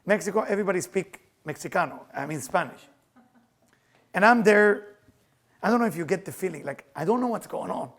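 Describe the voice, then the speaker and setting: A middle-aged man, a spiritual teacher, telling personal stories in an animated, earnest lecture, in halting broken English. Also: sits high. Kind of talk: storytelling lecture.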